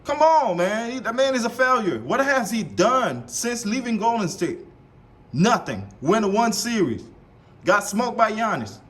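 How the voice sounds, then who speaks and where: A man reacting live to a debate show clip, heated and animated, repeating himself and swearing. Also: high-pitched, unhurried. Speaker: reaction streamer.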